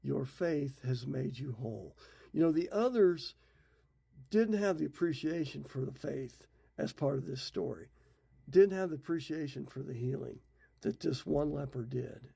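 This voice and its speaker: A man's voice: a little high, lively intonation, normal speed, vocal fry, warm tone, slightly rough. A middle-aged man who teaches the Bible, retelling scripture stories in a folksy, casual way. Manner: folksy, retells scripture in his own words.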